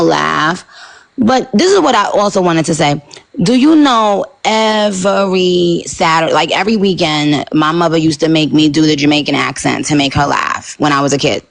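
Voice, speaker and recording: Gravelly-voiced New woman, animated. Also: on the low side, normal speed, poor audio. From Queens, New York. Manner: animated, rambling, with frequent fillers. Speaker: interview guest. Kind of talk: casual interview chat.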